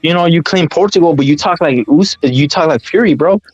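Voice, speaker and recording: A man's voice: fairly high pitch, fairly quick, highs cut off. A man from Southern California trading aggressive, profane trash talk on a live stream, repeating "fool" and "dog" as he goes.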